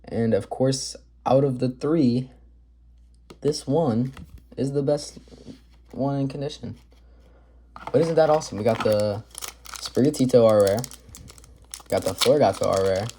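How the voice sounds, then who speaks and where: A man's voice: medium pitch, a little slow, pauses often, noisy background. A man hosting a casual card-opening video, upbeat and chatty, rattling off card names as he goes. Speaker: card collector video host. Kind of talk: casual pack-opening commentary.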